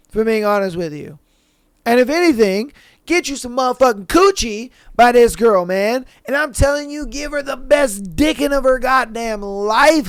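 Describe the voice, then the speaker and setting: Young male podcast host, high-pitched, smooth voice; blunt, heated, profane commentary. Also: no room sound, studio quality. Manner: blunt, profane, heated, addresses listener as bro. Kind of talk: casual reaction commentary.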